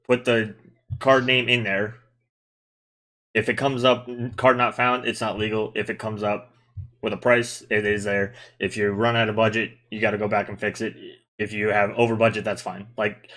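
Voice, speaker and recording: A man with a low-pitched but bright, forceful voice runs a loose gaming podcast. He talks at length, laying out rules and ribbing his co-hosts. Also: fairly even intonation, moderate pace. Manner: chatty, explains rules at length, teasing. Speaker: podcast host. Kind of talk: casual gaming podcast chat.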